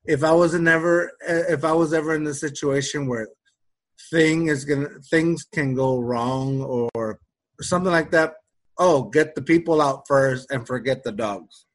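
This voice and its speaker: A man telling a story in casual chat, animated and acting out the people he quotes. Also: on the high side, unhurried. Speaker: storyteller in a conversation.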